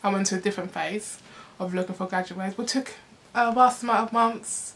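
A young woman tells a storytime to camera, casual and animated, acting out what people said and laughing often. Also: medium pitch, brisk. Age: young adult. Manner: animated, acts out quoted voices, frequent laughs and "like". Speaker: vlogger.

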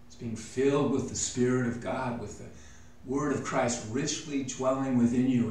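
A man preaching a sermon as pastor, slow and emphatic, rising louder when he reads scripture. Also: medium pitch, slight background noise. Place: church sanctuary. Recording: very echoey church hall, mic from far off.

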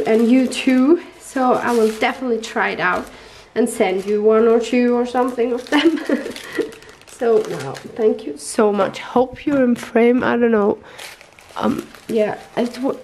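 Slow-talking woman, gushing and teary. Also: on the high side, a little mellow, slight background noise, low-quality recording. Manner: gushing, searching for English words. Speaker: papercraft vlogger. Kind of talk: casual unboxing chat. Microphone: tablet microphone.

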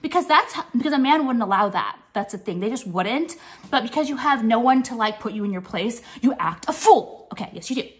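Young woman, higher-pitched voice, indignant, profane, scornful vlog rant. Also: lively intonation, a little fast. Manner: indignant, contemptuous, swears heavily, repeats "okay?" and "like". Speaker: vlogger. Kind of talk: profane ranting monologue.

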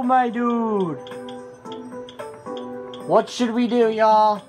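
A young adult with a nearly lost, hoarse voice gives excitable let's-play commentary, swearing loudly at the game. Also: mid-range voice, very slow, pauses often. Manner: loud outbursts and heavy swearing at the game. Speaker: gaming channel host. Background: game music.

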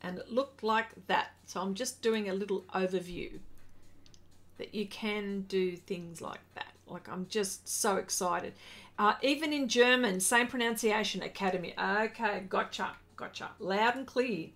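A middle-aged woman hosting an art livestream, chatting casually, excitable and reading viewer comments aloud as she paints. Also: medium pitch, measured pace.

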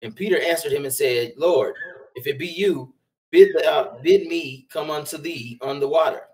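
A man reading Bible verses aloud in a steady, plain manner during a group study. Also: a little high, normal speed, poor audio. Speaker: scripture reader.

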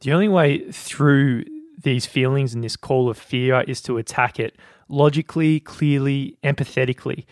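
A man's voice: medium pitch, normal speed, no room sound, clean studio sound. Man co-hosting a casual book chat. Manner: relaxed, conversational, explaining ideas. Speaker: podcast co-host.

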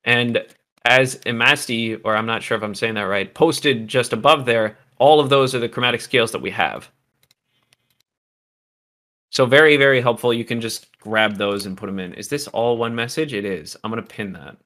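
A man walks viewers through music software in a relaxed livestream lesson, his voice bright and forward. He drifts into fillers and side remarks to the chat, and he sounds slightly hoarse from losing his voice. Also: medium pitch, moderate pace. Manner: loose and chatty, many fillers and asides to chat. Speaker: music production teacher. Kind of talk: casual livestream tutorial.

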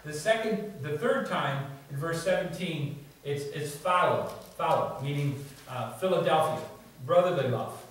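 A man's voice: fairly high pitch, lively intonation, measured pace. Man preaching in a very echoey church. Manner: conversational preaching, repeats words and adds "you see" and "okay?". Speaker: pastor. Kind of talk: sermon. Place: church sanctuary. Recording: very echoey church, distant mic, faint noise.

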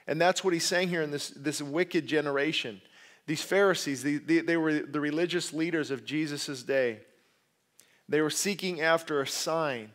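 A man's voice: a little high, normal speed. A man preaching a sermon, emphatic and repeating key words, with conversational asides and self-corrections. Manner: emphatic, repeats key words, grows louder when stressing points. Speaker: pastor.

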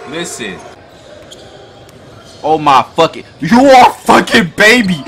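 Hyped, loud man reacting to basketball. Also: fairly high pitch, big pitch swings, takes it slowly, pauses often. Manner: loud, profane, hyped, often shouting at the screen. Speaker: reaction video host. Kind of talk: excited basketball reaction commentary.

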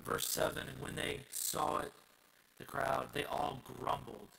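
Man, sermon, gravelly, sharp bright tone, drops to a hush then shouts. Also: mid-range voice, little pitch movement, a little slow, low-quality recording. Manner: swings from hushed asides to loud shouted passages. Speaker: pastor.

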